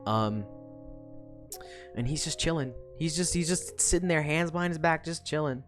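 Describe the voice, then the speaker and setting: A woman's voice: low-pitched, moderate pace, faint music behind. A woman streamer casually recapping a story, swearing a lot and laughing often. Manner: profane, animated, laughs often.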